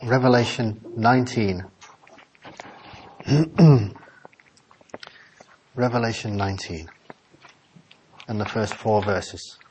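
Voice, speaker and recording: A man preaching a Bible-study sermon in a small office meeting room. He reads scripture aloud and builds to fervent, loud exclamations. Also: on the low side, takes it slowly, long pauses, slight background noise, low-quality recording.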